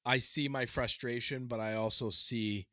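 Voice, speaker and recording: A man co-hosts a casual podcast, venting with heat and frequent swearing. His voice is bright and forceful, recorded dry and close to the mic with no room around it. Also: mid-range voice, normal speed, no echo. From Canada. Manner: heated, swearing, animated ranting. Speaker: podcast co-host. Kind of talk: casual chat.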